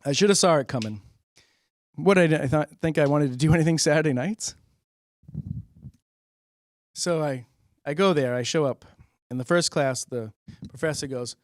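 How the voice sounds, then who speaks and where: A young man doing a stand-up comedy set, deadpan and rambling, acting out characters in quick voices. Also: fairly high pitch, no room sound, studio quality.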